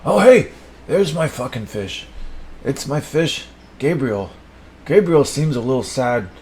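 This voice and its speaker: A man improvising an absurd, profanity-laced comedy monologue, rambling and swinging between mumbles and sudden shouts. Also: medium pitch, big pitch swings, measured pace.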